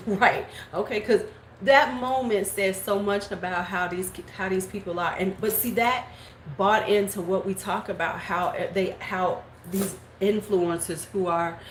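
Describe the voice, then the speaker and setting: A woman in her forties chatting casually on a live stream, telling gossip and greeting viewers by name, sometimes slipping into squeaky voices to quote people. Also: steady tone, measured pace. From United States. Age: 40s. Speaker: beauty vlogger. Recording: echoey room with faint background noise.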